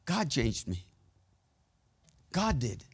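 A man's voice: medium pitch, very animated, drawn-out words, breathy edge. A man preaching a sermon, telling personal stories in a candid, plainspoken way and checking in with the congregation as he goes. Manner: conversational preaching with call-and-response asides.

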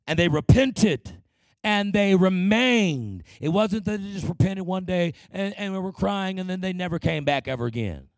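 Gravelly impassioned male preacher. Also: sits high, animated, moderate pace, no room sound. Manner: impassioned, acts out prayers and quotes in shifting voices. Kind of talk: sermon.

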